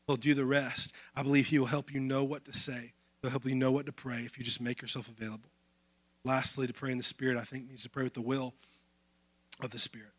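A man's voice: medium pitch, pushed and bright, no echo. A man preaching a sermon in a casual, conversational way. He is losing his voice. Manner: conversational preaching, addressing listeners as y'all. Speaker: pastor.

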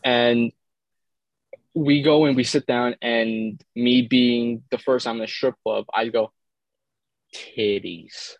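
A man's voice: medium pitch, level tone, takes it slowly, no echo, muffled recording. Young man telling a crude story. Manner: rambling, crude, jokey anecdote teller. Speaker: podcast co-host. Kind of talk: casual storytelling chat.

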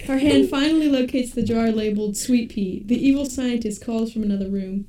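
Brief: young woman host, bright-pitched, narrates scenes breezily, roomy sound from off-mic. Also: brisk. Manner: laughing often, breezy narration. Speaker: podcast host. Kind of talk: narrating a casual table read. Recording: roomy, from a distance.

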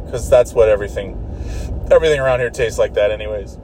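A man's voice: lowish voice, fast, darkish tone, a little hiss or hum. A man ranting casually in a car, rambling, swearing and restarting his sentences. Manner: profane, rambling, exasperated, with frequent restarts.

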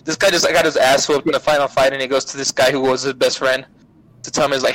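A man guesting on a podcast, retelling an anime plot in a profane, rambling, animated way. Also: medium pitch, quick pace, low-quality recording. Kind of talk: casual anime recap chat.

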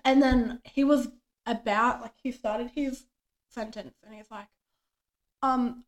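A woman's voice: a little high, fairly even intonation, slow, long pauses. Chatty young woman telling work stories. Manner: chatty storytelling, acts out quoted dialogue. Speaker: podcast co-host. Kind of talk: casual chat.

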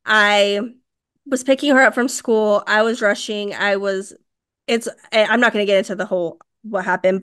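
A woman in her thirties co-hosting a podcast, telling a story in a casual, animated way. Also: mid-range voice, smooth. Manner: animated storytelling, acts out quoted dialogue. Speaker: podcast co-host.

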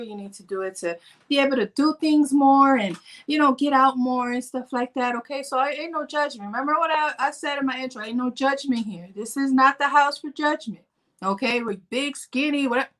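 A woman in her forties talking casually to camera in a vlog, animated and playful. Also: sits high, fairly quick. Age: 40s. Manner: animated, playful, acts out her own inner voice. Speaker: fitness vlogger.

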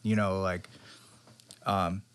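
A man's voice: low-pitched, slow pace, clean tone. A young man co-hosting a podcast, talking casually and rambling with lots of fillers and restarts. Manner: rambling, animated, full of fillers. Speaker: podcast co-host. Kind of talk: casual chat about movies.

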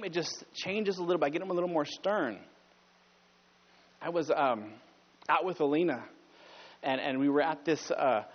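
A man preaching a conversational sermon as pastor, climbing higher and louder when he presses a point. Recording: dull sound with long hall reverb.

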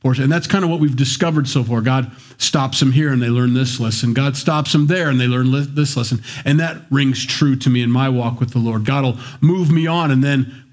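A man's voice: mid-range voice, a little fast. A man preaching a sermon in a conversational way, with wry asides and little acted-out voices. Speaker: pastor. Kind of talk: sermon, Bible teaching.

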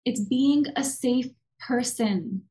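A woman from the United States, a counselor and podcast guest, speaking in an encouraging, expressive way. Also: a little high, slow pace, rough recording. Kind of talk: conversational interview.

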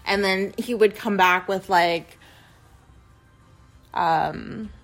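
A young woman vlogger rambles through a personal story, packing every pause with "like" and talking bluntly with lots of swearing. Her voice sits at a medium pitch with a fairly bright tone, and faint music plays in the background.

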